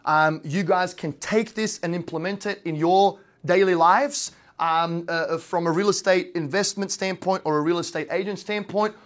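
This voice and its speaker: A man's voice: high voice, steady tone, normal speed, few pauses. Rambling Australian man giving a presentation. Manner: rambling, heavy on fillers and tag questions. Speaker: real estate investor and brokerage owner. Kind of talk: casual slideshow presentation.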